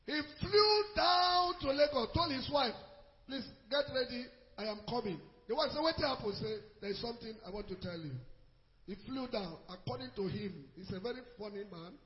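A man preaching a sermon, telling a story that moves between loud exhortation and low, quiet narration. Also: animated, normal speed, long reverb tail, lo-fi sound. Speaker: pastor.

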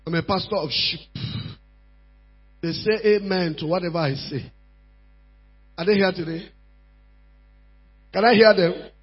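A male preacher with a high, husky voice drives his sermon with emphatic repetition, dropping low then rising to shouts. The recording is dull and lo-fi, with mains hum underneath. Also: a little slow, long pauses. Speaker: pastor.

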